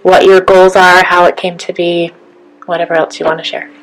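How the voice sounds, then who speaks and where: A woman's voice: lowish voice, flat delivery, moderate pace, low-quality recording. A woman hosting an interview podcast, responding with encouragement and asking her guests questions. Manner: encouraging, asks long questions. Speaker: podcast host. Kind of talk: interview conversation.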